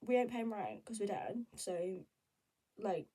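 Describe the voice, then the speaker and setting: A young woman vlogging in a candid, rambling, animated casual chat. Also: medium pitch, takes it slowly, distant mic, poor audio. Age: young adult.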